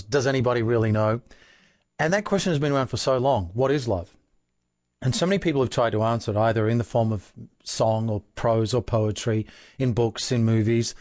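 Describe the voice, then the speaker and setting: A man's voice: mid-range voice, no echo, studio quality. A man with an Australian accent explaining emotions in an earnest self-help talk, often posing rhetorical questions. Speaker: self-help author and relationship coach.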